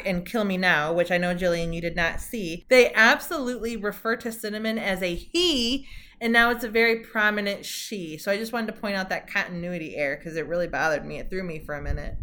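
Young woman co-host, bright tone, giggly recap chatter. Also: mid-range voice, brisk. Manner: chatty, giggly, narrates episode plot. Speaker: podcast co-host recapping a TV show. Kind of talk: casual chat.

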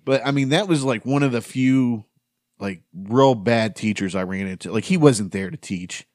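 Podcast host, man in his 30s, middle pitch, swears a lot, acts out quotes, dry close sound. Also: moderate pace, no echo. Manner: profane, animated storyteller acting out quotes. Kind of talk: casual storytelling among friends.

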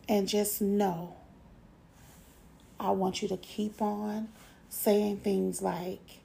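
A middle-aged woman hosting a motivational podcast, encouraging listeners and slowly repeating affirmations. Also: mid-range voice, level tone, creaky, warm tone. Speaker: podcast host.

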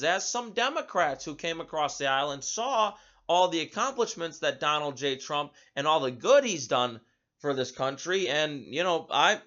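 A male talk show host delivers an emphatic monologue in a high voice that swings widely in pitch. He often stumbles and repeats words as he starts his sentences. The recording sounds dull and lo-fi. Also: pushed and bright.

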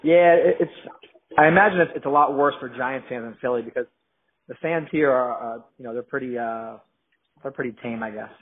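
Man, from new jersey, husky voice, rambling casual chat, narrow phone-line sound. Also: mid-range voice, fairly quick. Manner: rambling, with many fillers and restarts. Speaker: guest.

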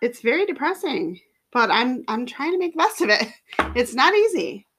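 A woman's voice: high voice, sing-song, moderate pace, a bit bright, slight background noise. A woman hosting a podcast in casual chat, animatedly acting out a text exchange. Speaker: podcast host. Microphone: studio mic.

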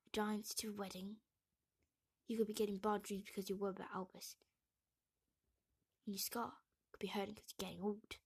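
A woman reading the part of a joking grown man who teases his friends, in a loud half-whisper. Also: mid-range voice, little pitch movement, a little fast, creaky, long pauses, husky, no echo, studio quality.

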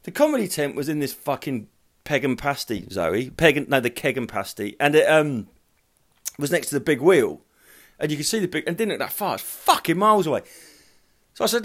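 A man's voice: on the high side, sing-song, a little fast. A man hosting a solo podcast, telling rambling, profane anecdotes in a casual chat style. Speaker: podcast host.

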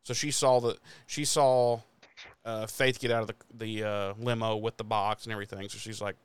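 A man's voice: on the low side, little pitch movement, moderate pace, clean tone, no room sound. A man casually recapping a TV episode, rambling, swearing freely and laughing often. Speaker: podcast host recapping episodes. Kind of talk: casual profane recap chat.

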